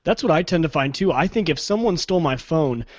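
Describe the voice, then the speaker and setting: A man co-hosting a casual tech podcast, quick and agreeable. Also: a little high, animated, dry recording. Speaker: new podcast co-host. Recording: dry lo-fi podcast mic.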